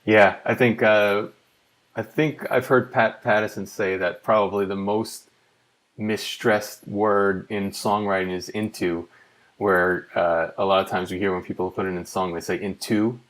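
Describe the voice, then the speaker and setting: A man hosting a casual songwriting talk, explaining points in a measured way. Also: lowish voice, little pitch movement, a bit bright, rough recording. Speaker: host. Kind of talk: casual conversational advice.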